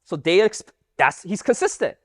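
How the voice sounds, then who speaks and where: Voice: medium pitch, moderate pace, no room sound, studio quality. A Bible teacher giving an emphatic lesson and firing rhetorical questions at the audience. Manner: animated, emphatic delivery.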